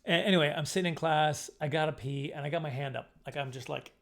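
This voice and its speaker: A middle-aged man telling a self-mocking comic story to camera in a casual, animated way. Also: quick pace. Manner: animated, self-mocking, jumps into high squeaky voices for his younger self. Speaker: comedian storyteller.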